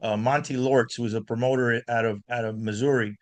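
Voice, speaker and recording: A man from Miami, a guest blues guitarist, telling animated stories in an interview with frequent restarts. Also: mid-range voice, brisk. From Miami, United States. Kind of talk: storytelling in an interview.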